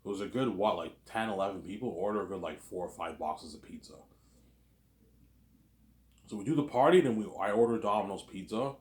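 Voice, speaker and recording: A man with a very low voice talks through a casual, rambling commentary. He keeps circling back with the same tag phrases and fillers. The sound carries a noticeable room echo. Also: brisk, darkish tone. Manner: rambling, repeats fillers and tags constantly. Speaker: host. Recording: roomy echo.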